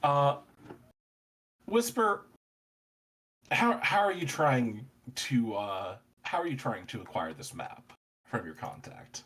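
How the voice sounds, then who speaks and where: Man, game master, slow pace, lively pitch, relaxed explaining. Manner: relaxed, unhurried explaining, laughs easily. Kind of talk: running a tabletop game.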